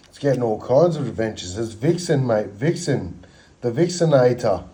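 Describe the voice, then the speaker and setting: A middle-aged man with a medium-pitched, mellow, animated voice narrates game or drawing footage at a moderate pace. His commentary rambles, leans on slang, and is packed with sound effects.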